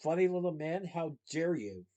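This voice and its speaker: A man's voice: a little high, lively intonation, a little fast, a little mellow. A man voicing a tiny, pompous male Oompa Loompa who scolds haughtily in a storybook reading. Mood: indignant.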